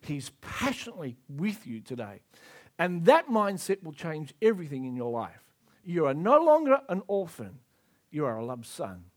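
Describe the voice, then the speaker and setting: A man preaching a sermon in a fairly high voice that rises and falls a great deal. He speaks emphatically and acts out the scripture scenes as he goes. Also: huge pitch swings, moderate pace.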